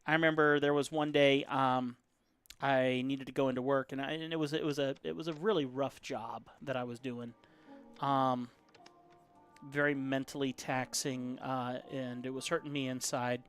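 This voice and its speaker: A man's voice: medium pitch, steady tone, normal speed, a bit bright, smooth, faint music behind. Chatty man on an art stream. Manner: rambling, reads viewer comments aloud. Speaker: caricature artist live-streaming. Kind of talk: casual live-stream chat.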